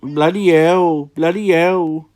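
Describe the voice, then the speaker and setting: A man's voice: on the high side, steady tone, takes it slowly, darkish tone, voice pushed up. A man doing a mocking impression of a grumbling Welsh man who hates the English, with a put-on Welsh accent. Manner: exaggerated mocking impression, cursing.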